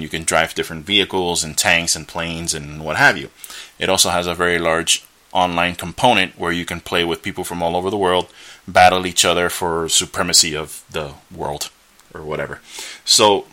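Low-voiced opinionated man hosting a podcast. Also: bright, forceful tone. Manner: opinionated, rambling, with frequent fillers and restarts; scornful rants. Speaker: podcast host. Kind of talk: solo podcast commentary.

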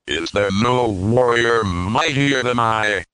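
Boastful game villain, slow gloating delivery, bright edge, game music underneath. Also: male voice, mid-range voice, clean tone. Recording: game sound clip with music behind.

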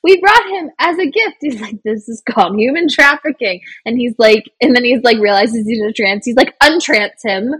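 A woman's voice: a little high, moderate pace, a bit bright, slightly rough, no echo. A woman co-hosting a podcast, chatting casually and enthusiastically about a film, laughing often. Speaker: podcast co-host. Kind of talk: casual chat recapping a film.

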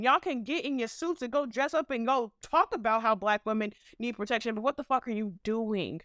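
Woman podcast host, impassioned and profane; clear voice, dry and close-miked. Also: a little high, fairly quick, hardly any pauses, a bit bright, dry recording. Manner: blunt, fiery, profane.

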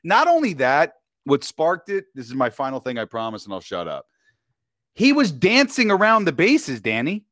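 A man's voice: on the high side, wildly swooping pitch, moderate pace, fairly bright tone, no room sound, clean studio sound. A man, a podcast guest, telling a story in casual chat, talking in slang and keeps asking "you know what I mean".

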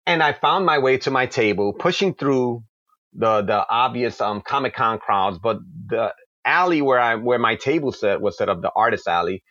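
Answering interview questions, a comic book creator from New York launches into passionate, quickly flowing stories with asides he acts out. His medium-pitched voice has lively intonation and a fairly bright tone, with no room sound and lo-fi audio.

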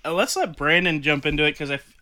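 A man's voice: a little high, animated, fast talker, pushed and bright, no room sound. A man co-hosting a podcast, chatting casually and easygoing, laughing readily. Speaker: podcast co-host.

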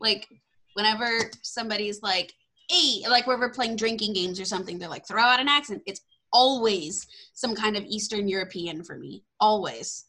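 A woman in her twenties from Texas hosts a casual podcast chat, bubbly and self-deprecating, laughing often. Her voice is medium in pitch with a sharp tone, at a moderate pace.

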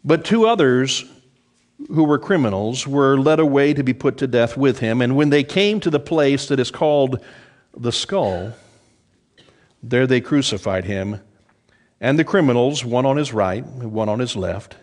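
A middle-aged man preaching a sermon, lively in delivery, dropping low and soft when quoting scripture. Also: measured pace. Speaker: pastor.

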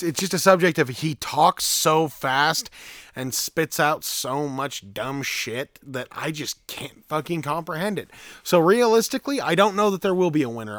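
A man's voice: medium pitch, a bit bright, dry recording. Profane, rambling podcast guy, dry sound. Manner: profane, rambling, laughing at own jokes. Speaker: podcast co-host. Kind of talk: crude casual podcast banter.

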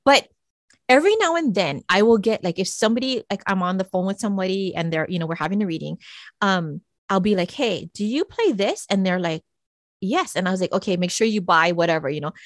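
A woman's voice: mid-range voice, lively intonation, a little fast, dry recording. Blunt, swearing middle-aged woman, dry sound. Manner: blunt, swears freely, acts out her own quotes. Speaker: psychic medium guest. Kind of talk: casual interview chat.

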